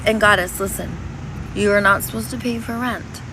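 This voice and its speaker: A woman's voice: medium pitch, fairly even intonation, moderate pace. A woman chatting on a casual livestream outdoors, reading chat in a playful, doting, sing-song way. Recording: noisy outdoor street recording. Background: traffic noise.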